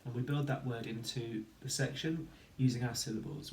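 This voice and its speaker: A man's voice: mid-range voice, fairly even intonation, moderate pace, gravelly, hardly any pauses, reverberant, slight background noise. A man teaching a phonics lesson to children, counting to three and sounding out letters one by one. He mentions having hay fever. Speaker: primary school teacher.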